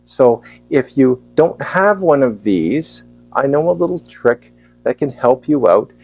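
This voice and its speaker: A man's voice: mid-range voice, animated, measured pace, slightly rough, highs cut off. A man reviewing a wireless microphone, asking the viewer plainly whether they can hear his voice and the fan. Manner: plain, asks the viewer questions. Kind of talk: product test vlog. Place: indoor room with a fan running. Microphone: wireless handheld mic being tested. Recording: faint fan hum.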